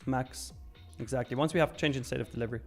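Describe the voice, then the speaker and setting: A man's voice: medium pitch, fast talker, faint music behind. A young man hosting a live trading stream in casual chat, reading viewer questions aloud and answering them. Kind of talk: casual live market commentary.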